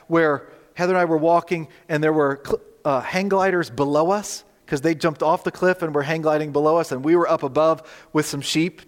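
Pastor preaching in a reverberant hall. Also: male voice, a little high. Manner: storytelling, conversational, animated in quoted dialogue. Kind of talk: sermon with slides.

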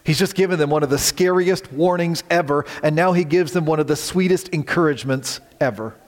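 A male pastor delivers an earnest sermon in a fairly high voice. He swings between strong emphasis and soft, hushed lines. His voice rings with the long reverb of a large hall. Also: brisk.

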